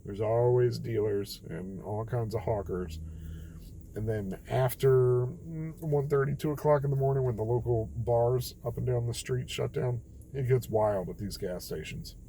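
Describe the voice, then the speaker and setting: A man's voice: mid-range voice, unhurried, creaky, mellow, a little hiss or hum, low-quality recording. A young man telling a rambling, self-deprecating story late at night, tired and quoting others as he goes. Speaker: vlogger.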